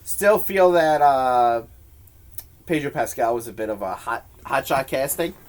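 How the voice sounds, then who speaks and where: A man's voice: medium pitch, expressive, a little slow. A man co-hosting a casual podcast, blunt and offhand, dropping curses as he runs through a list. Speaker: podcast co-host. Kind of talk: casual chat.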